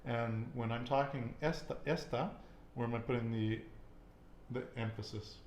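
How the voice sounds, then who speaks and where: A man's voice: medium pitch, fairly even intonation, moderate pace, darkish tone, roomy sound, a little hiss or hum. A man teaching a casual Spanish lesson, patiently quizzing his student with questions.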